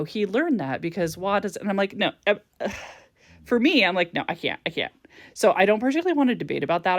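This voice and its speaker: A woman's voice: on the low side, no room sound. A woman vlogging an unfiltered rant straight to camera, her voice swinging widely up and down as she laughs and curses. The recording is dry and close, with no room sound. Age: adult parent. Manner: animated, swears a lot, laughs often. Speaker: vlogger reviewing a TV series.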